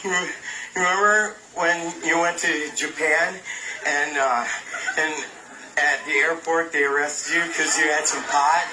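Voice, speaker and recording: An actor playing a nervous, star-struck talk-show interviewer who asks halting, excited questions, in an archive TV clip. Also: male voice, on the high side, over music, lightly acted. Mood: awkward eager. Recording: echoey, distant archive clip with loud noise.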